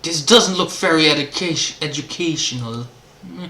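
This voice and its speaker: A man's voice: on the high side, normal speed, pushed and bright. A man hosting a game playthrough, reading the dialogue aloud in a casual, playful way. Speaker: let's play host. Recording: roomy, game music behind.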